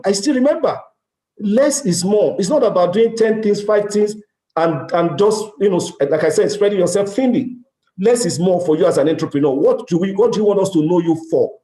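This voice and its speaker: With a high, mellow voice and a Nigerian accent, a middle-aged Nigerian man speaks at a conference about business, aiming to motivate. He acts out conversations and uses emphatic repetition, and the sound echoes around the large hall.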